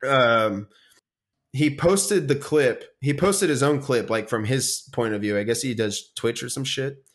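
A man co-hosting a casual podcast chat, swearing freely, ranting and mocking people in quick impressions. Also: mid-range voice. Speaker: podcast co-host.

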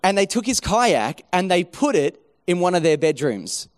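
A middle-aged man preaching a sermon, telling a story with lively acted-out quotes. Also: high-pitched, moderate pace. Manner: animated storytelling, acting out quoted voices. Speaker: pastor.

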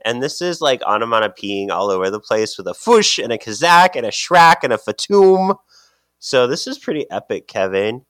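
A man co-hosting a podcast, chatting playfully through a comic book recap and quick to laugh. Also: lowish voice, sing-song, a bit bright, no room sound. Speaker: podcast co-host.

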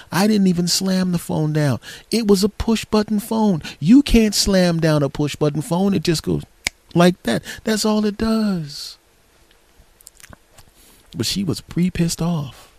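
A male comedian hosting his own podcast, telling a story in an animated, rambling, repetitive way. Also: high-pitched, vocal fry, no echo.

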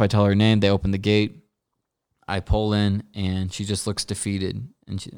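Low-voiced, smooth man telling stories. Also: a little slow. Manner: rambling, lots of fillers and voiced quotes. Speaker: podcast host. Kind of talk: casual storytelling.

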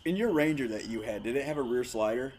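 A man's voice: medium pitch, expressive, fast talker, a crowd in the background. A man in casual podcast chat, telling a story in an easygoing way.

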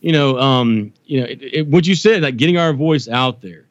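Animated storytelling man, dry sound. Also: medium pitch, normal speed, no echo, dull audio. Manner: animated storyteller, self-deprecating, many restarts. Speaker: guest, poet. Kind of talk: casual chat.

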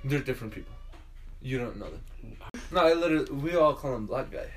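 A man's voice: mid-range voice, animated, brisk, a little hiss or hum. Young man telling rowdy stories. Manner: rowdy storytelling, loud acted-out quotes, lots of swearing. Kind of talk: casual chat.

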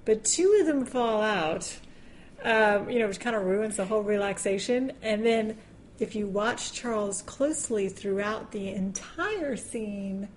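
A woman's voice: medium pitch, measured pace, a little hiss or hum. A woman co-hosting a podcast, chatting casually and laughing often. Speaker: podcast co-host. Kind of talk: casual chat.

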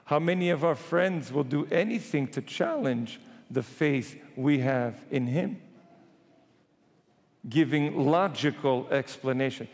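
A man preaching a sermon as a priest, retelling scripture in lively everyday voices. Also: medium pitch, a little slow, in a large hall.

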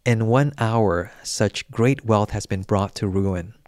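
Low, smooth-voiced man reading scripture. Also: slow, a little mellow, dry recording, studio quality. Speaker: scripture reader.

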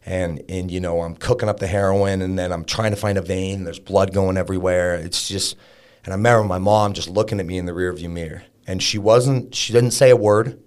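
A man's voice: deep voice, fairly even intonation, a little fast, darkish tone, smooth. A man telling a raw personal story as a podcast guest, frank and casual, swearing and peppering his talk with fillers. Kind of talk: candid personal storytelling in an interview.

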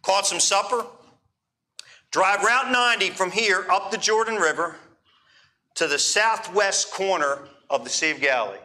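A pastor telling a travel story in a sermon, animated and checking in with the congregation. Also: male voice, sits high, a little slow. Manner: animated, asks the crowd for responses. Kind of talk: sermon storytelling to a live audience.

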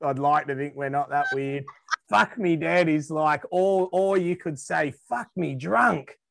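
A man's voice: fairly high pitch, a little slow, vocal fry, dry recording, clean studio sound. A man with an Australian accent chatting casually as a podcast guest, laid-back and laughing often, trailing off and restarting his sentences. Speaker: guest musician.

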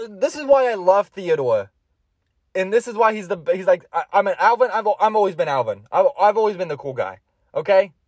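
A young man talks through his solo podcast in a loose, rambling, profane way and keeps cracking himself up. His voice sits high for a man. The recording is close and dry. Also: darkish tone, dry recording. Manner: rambling, profane, laughs often. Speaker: podcast host.

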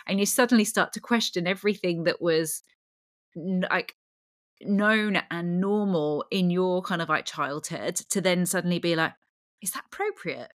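A woman's voice: on the low side, normal speed, no echo, studio quality. A woman hosting a podcast, chatting casually, laughing often and filling her talk with "like". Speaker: podcast host. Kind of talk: casual chat.

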